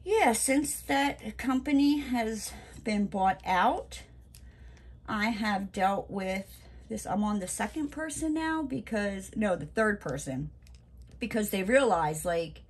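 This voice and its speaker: Speaking slowly in a husky, expressive, medium-pitched voice, this crafting vlogger vents during a casual crafting chat. She sounds exasperated and emphatic, leaning heavily on "you know" and "like."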